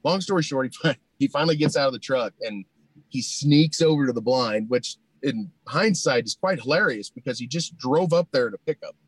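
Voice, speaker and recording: A man telling a long humorous hunting story in a folksy, animated way, full of "you know" fillers. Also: mid-range voice, a little fast, breathy edge, no echo, rough recording. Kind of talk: casual storytelling.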